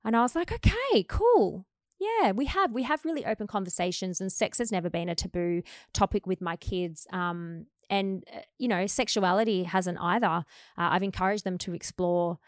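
Australian woman, 40s, podcast host, lowish voice, candid chat, dry close sound. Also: a little fast, no echo. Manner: frank, animated when retelling family exchanges.

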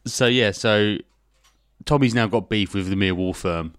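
Male podcast co-host, laid-back rambling storyteller, swears, low voice. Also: unhurried, a bit bright, clean tone, no room sound, clean studio sound. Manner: rambling, jokey plot recap with swearing. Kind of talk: casual comedic chat.

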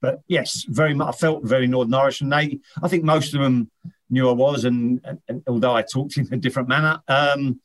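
A man's voice: mid-range voice, fairly even intonation, a little fast. Rambling middle-aged man telling stories. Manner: rambling, anecdotal, many restarts. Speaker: guest, former footballer. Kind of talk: casual interview chat.

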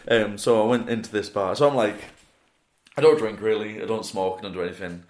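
A man's voice: fairly low pitch, fairly even intonation, brisk. A man in his twenties from England, a comedian guest telling rambling stories and laughing through his words on a podcast. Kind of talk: casual podcast storytelling. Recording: roomy echo.

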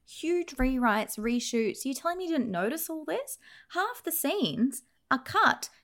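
Animated woman ranting on a podcast. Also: fairly high pitch. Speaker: podcast co-host. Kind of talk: casual film review chat.

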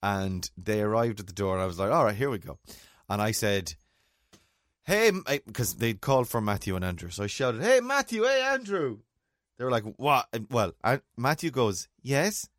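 A middle-aged man chats loosely as co-host, his low voice swinging up and down as he spins a comic story. The sound is dry and close, with no room around it. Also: normal speed, dry recording. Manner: storytelling, lively, full of laughs. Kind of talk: casual chat.

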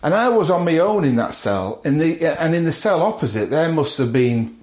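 A man's voice: fairly high pitch, big pitch swings, moderate pace, a little mellow. A middle-aged man from the north of England, a podcast guest telling his story vividly, acting out other people's lines and chuckling often. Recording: roomy echo.

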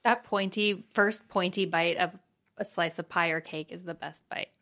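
A woman's voice: on the low side, fairly even intonation, normal speed, pushed and bright. A woman hosting a podcast in casual chat, giggly and teasing as she reads out listener messages. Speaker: podcast host.

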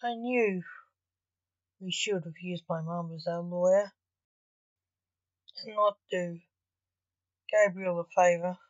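A woman's voice: fairly low pitch, fairly even intonation, slow pace, pauses often, no room sound. A woman voicing an indignant, middle-aged father in a storybook reading. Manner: indignant, exclaiming. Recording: dull, dry recording.

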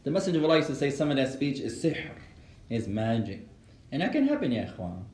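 A man teaching an Islamic class, mixing Arabic phrases into lively storytelling and answering students' questions. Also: mid-range voice, fast. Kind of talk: lecture with Q&A. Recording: echoey room.

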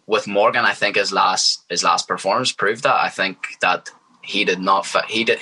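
A man's voice: on the low side, bright, forceful tone, slightly rough, low-quality recording. A young man, a fighter speaking as a guest in a casual interview, confident and hyped. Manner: confident, hyped, trash-talking.

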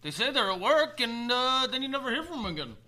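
A man as guest co-host on a podcast, making deadpan absurd jokes in casual banter. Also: extremely high pitch, fast.

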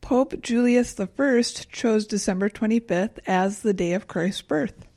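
A young woman calmly walks through her research in a casual chat, matter-of-fact with a dry wit. Her tone is mellow and warm, and the recording is close and dry. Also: medium pitch, unhurried, dry recording. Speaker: podcast co-host presenting research. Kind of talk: casual chat, reading facts.

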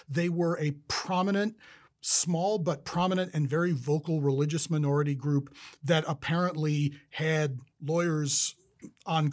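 A man's voice: on the high side, darkish tone. A man being interviewed, explaining ideas in a thoughtful, conversational way with frequent restarts. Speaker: interviewee, law speaker.

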